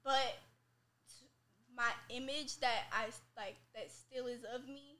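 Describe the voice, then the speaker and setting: Woman, young adult, high pitch, bright tone, casual podcast guest, profane, lots of filler words. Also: fairly even intonation, takes it slowly.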